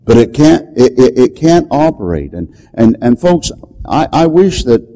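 An older man preaching, telling a story dramatically and shouting the commands he quotes. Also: medium pitch, very animated, measured pace, low-quality recording. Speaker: deliverance preacher. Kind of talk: storytelling sermon.

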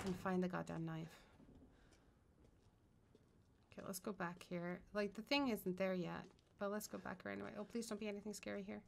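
A woman's voice: mid-range voice, fairly even intonation, fast talker, vocal fry, a little hiss or hum. A young woman doing horror game commentary, scared and swearing as she talks herself through it. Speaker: gaming streamer.

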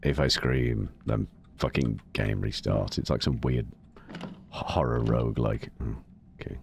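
Very deep, gravelly hushed gamer. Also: male voice, fairly even intonation, measured pace, slight background noise. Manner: hushed, talking low to keep quiet. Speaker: gaming channel host. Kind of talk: let's play commentary.

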